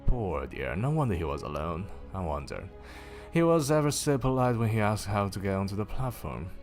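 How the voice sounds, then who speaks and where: A man's voice: fairly low pitch, sing-song, moderate pace, a little mellow, soft background music. A man reading aloud and voicing a motherly but stern middle-aged mother in a storybook.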